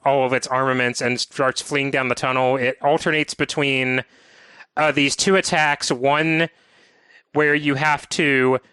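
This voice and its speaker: Podcast host, male, bright and smooth voice, dry close sound, methodical recapper. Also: fairly high pitch, no echo. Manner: detailed, methodical game walkthrough talk. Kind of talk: casual podcast chat.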